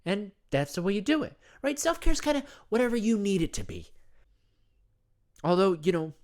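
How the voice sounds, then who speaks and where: A man's voice: high voice, big pitch swings, moderate pace, a little mellow. A man playing a rambling, self-absorbed self-care guru who talks about himself in the third person, in a comedy monologue. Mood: soothing. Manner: earnest, rambling, repeats himself.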